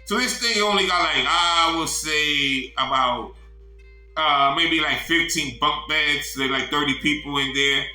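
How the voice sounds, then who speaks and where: A man telling a long story in casual, animated speech, swearing freely and repeating "man". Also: a little high, a little slow, roomy sound, soft background music, poor audio.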